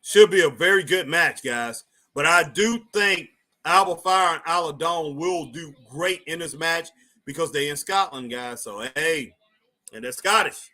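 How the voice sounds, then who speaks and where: A man with a voice on the high side and a sharp tone hosts a casual live wrestling stream, speaking a little slowly. He chats loosely, repeats phrases, and answers viewers in the chat.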